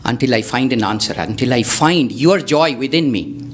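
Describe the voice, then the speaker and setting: A man's voice: medium pitch, moderate pace, slight background noise, lightly acted. A man voicing an anguished hermit sage. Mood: pleading. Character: anguished male hermit sage, proud and quick to anger.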